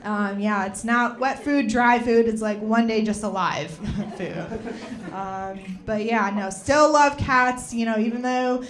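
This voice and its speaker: A woman's voice: medium pitch, takes it slowly, a bit bright. A young woman performing a stand-up comedy set, chatty and rambling, with lots of fillers.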